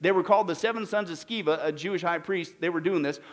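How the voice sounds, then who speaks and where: Male pastor, high voice, brisk Bible study delivery that keeps quizzing the room. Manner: rapid scripture citations with rhetorical questions to the audience.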